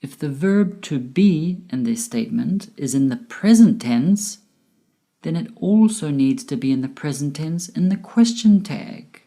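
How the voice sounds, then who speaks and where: A woman giving a scripted English grammar lesson, explaining slowly and carefully with clear enunciation. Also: deep voice, animated, dark tone. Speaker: English teacher.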